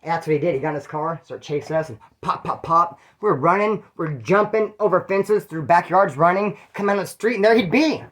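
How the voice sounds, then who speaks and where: A man's voice: high voice, a little fast, few pauses. A man from Bakersfield, California, telling prison stories in a slangy, profane, rambling way with frequent asides. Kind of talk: casual storytelling monologue.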